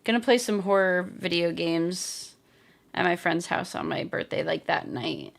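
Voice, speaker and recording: A woman's voice: lowish voice, unhurried, vocal fry. Chatty woman streamer reading chat. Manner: chatty, reads chat comments aloud. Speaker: live streamer. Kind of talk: casual livestream chat.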